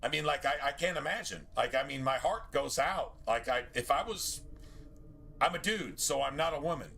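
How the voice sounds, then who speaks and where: A man's voice: a little high, creaky, pushed and bright. A man streaming a game, ranting profanely to his chat in a loose, rambling way. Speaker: gaming streamer. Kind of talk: casual rant to stream chat.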